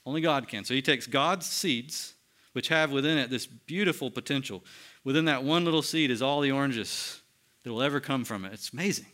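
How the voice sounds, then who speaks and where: A man's voice: mid-range voice, fairly quick, pushed and bright. A man preaching a sermon, teaching earnestly and asking his listeners rhetorical questions. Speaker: pastor.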